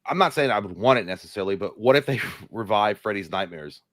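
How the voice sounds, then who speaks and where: A man co-hosting a casual livestream discussion, laid-back and offering counterpoints, often trailing off quietly. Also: lowish voice, expressive, quick pace, no room sound, clean studio sound. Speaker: podcast co-host.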